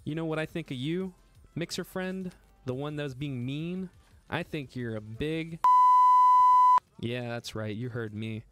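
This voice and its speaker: A man's voice: on the high side, a little slow, over music. A man hosting a casual live stream, joking and laughing as he gets flustered over his own slip. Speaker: livestream host building a PC.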